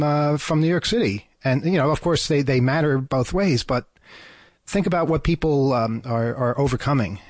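A man's voice: mid-range voice, no echo. A man hosting an FM radio talk show, speaking in an earnest, hesitant way from a studio. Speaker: radio host.

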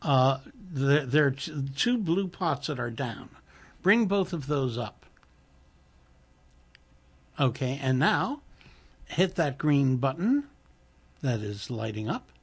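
A man hosting a live radio talk show, halting and often repeating his words. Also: medium pitch, big pitch swings, husky. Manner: halting, repeats words, instructs a new board operator. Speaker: radio host.

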